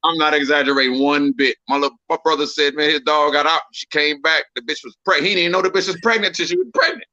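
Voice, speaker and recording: A man telling stories in a casual chat, loud and laughing, often mimicking other people. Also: on the high side, fast talker, hardly any pauses, highs cut off. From Texas. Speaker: co-host.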